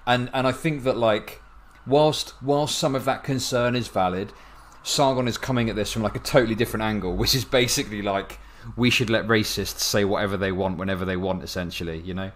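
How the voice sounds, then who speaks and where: A man's voice: fairly low pitch, a little fast. A man live-streaming a reaction video, chatting casually to his viewers, rambling and restarting his sentences. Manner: rambling, restarts often, laughs a lot.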